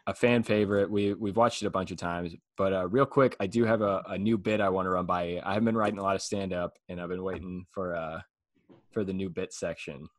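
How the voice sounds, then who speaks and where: A man hosting a comedy podcast, talking in a rambling, halting way and laughing often between thoughts. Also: low voice, steady tone, no echo. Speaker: podcast host and stand-up comedian. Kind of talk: casual podcast chat.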